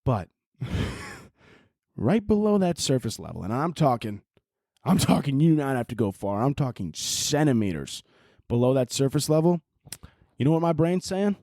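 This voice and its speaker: A man's voice: mid-range voice, very animated, normal speed, dark tone, no room sound, clean studio sound. A man hosting a comedy podcast, rambling through a profane, laughing monologue. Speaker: podcast host.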